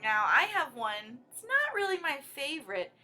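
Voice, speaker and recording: A woman with a high, bright voice guides young children through a movement song, cheerful and encouraging as she explains each step. Guitar music plays behind her, clearly heard. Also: huge pitch swings, normal speed. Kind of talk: leading a children's dance song. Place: at home. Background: acoustic guitar.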